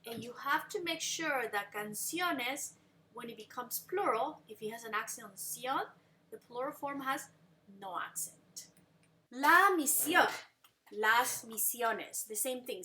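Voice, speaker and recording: A woman teaching a recorded language lesson, patiently drilling memory rhymes, asking quick check-in questions, and slowing right down on the example words. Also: on the high side, sharp tone. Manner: slows down sharply on example words. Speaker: Spanish teacher.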